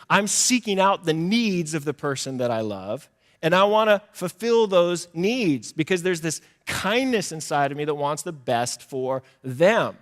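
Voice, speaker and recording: A man's voice: a little high, fairly bright tone. Man preaching in a reverberant church. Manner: conversational, self-deprecating, acts out little quoted exchanges. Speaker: pastor. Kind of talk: sermon. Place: church sanctuary.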